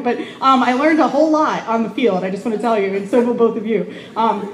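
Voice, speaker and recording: A woman pastor giving a conversational sermon, lively and acting out the people she quotes. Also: on the high side, brisk, reverberant, a crowd in the background, poor audio.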